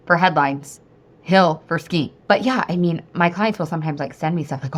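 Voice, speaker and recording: Chatty woman podcast host, rather low voice. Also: moderate pace. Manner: chatty and animated, swears freely, laughs often. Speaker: podcast host and weight-loss coach. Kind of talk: casual podcast monologue.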